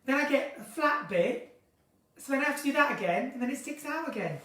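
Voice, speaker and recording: A woman hosting a casual live chat from her kitchen at home, theatrical and chatty, swinging between bright exclamations and low asides. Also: animated, brisk. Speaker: live-stream host chatting with viewers. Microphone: phone or webcam in a live stream. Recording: roomy, distant from the mic.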